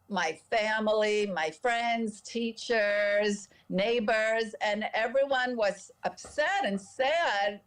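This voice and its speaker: A woman guest telling a personal story in an interview, in an earnest, emotional way, acting out the voices of the people she quotes. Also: medium pitch. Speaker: podcast guest.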